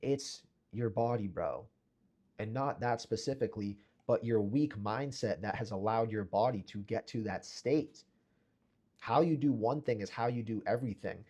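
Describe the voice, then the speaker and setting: A man's voice: lowish voice, normal speed, mellow. A young man delivering an intense motivational monologue to camera, preachy and repetitive, mocking imagined people in sarcastic voices. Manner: intense, preachy, repeats phrases for emphasis. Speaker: fitness vlogger.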